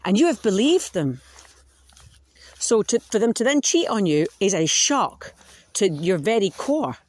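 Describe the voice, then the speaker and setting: Woman doing a solo podcast, blunt and frank, swears a lot, middle pitched voice. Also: sing-song, unhurried, darkish tone, husky, no room sound. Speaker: podcast host. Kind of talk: casual monologue.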